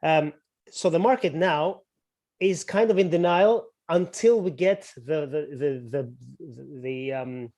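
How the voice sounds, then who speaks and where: A man with a somewhat high voice speaks as a guest analyst on a live webinar. He is opinionated and builds his argument point by point. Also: slow, dark tone. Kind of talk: market commentary on a webinar.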